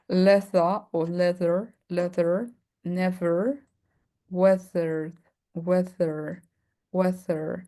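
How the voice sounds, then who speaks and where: A woman whose first language is Spanish, teaching an online English pronunciation class, repeating words slowly and laughing often. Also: lowish voice, a little mellow. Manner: slow, drawn-out drilling of words, laughs often.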